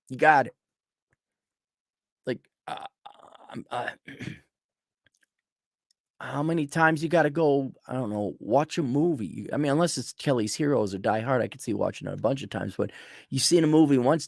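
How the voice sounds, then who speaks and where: A man's voice: on the high side, no echo, clean studio sound. A man hosting a casual ranting monologue, blunt and sarcastic. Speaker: host.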